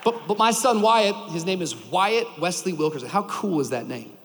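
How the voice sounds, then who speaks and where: High animated male pastor in a big hall. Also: moderate pace, slight background noise. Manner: animated storytelling, shouting for emphasis. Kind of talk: sermon.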